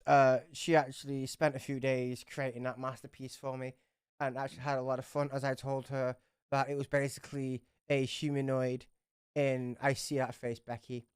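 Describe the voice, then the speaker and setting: A woman's voice: a bass voice, little pitch movement, normal speed, darkish tone, smooth, no room sound, studio quality. A woman running a tabletop game livestream, chatty and swearing freely as she narrates. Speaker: game master.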